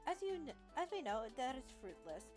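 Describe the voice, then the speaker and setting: A woman's voice: high-pitched, very animated, a little fast, soft background music. A woman hosting a gaming video, reading a text adventure aloud with playful, chatty commentary and the odd stumble. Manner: playful, chatty, says "lol" aloud, stumbles over words while reading.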